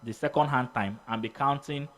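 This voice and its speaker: A man with a Nigerian English accent teaching choir music theory, halting with many fillers and voicing drum beats aloud. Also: mid-range voice, fairly even intonation, fairly bright tone. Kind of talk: informal music theory lesson.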